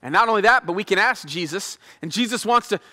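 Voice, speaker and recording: A man preaching a casual sermon, retelling scripture in an animated, slangy, conversational way. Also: high voice, fast, in a large hall. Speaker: pastor.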